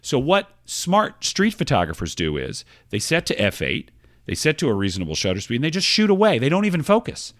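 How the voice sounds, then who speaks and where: Animated man explaining things. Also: medium pitch, a little fast, no echo, clean studio sound. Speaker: podcast co-host. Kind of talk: casual chat.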